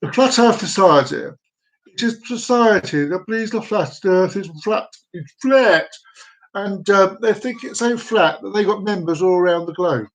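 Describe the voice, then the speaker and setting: Host, male, high-pitched voice, chatty and rambling, cracking corny jokes on a home live stream. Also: normal speed, a little hiss or hum, low-quality recording. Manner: jokey, rambling, repeats himself. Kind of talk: casual live-stream chat. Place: downstairs room at home with dogs.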